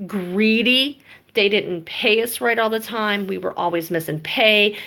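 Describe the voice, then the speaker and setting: Blunt, gravelly-voiced woman telling a story. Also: lowish voice, a bit bright. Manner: blunt and emphatic, swears freely. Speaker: vlogger. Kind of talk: casual storytelling monologue.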